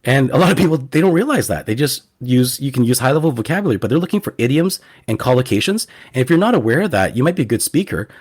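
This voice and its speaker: A man's voice: mid-range voice, sing-song, quick pace, few pauses, breathy edge. A man, a guest teacher on a podcast interview, earnestly giving advice and often repeating words as he restarts.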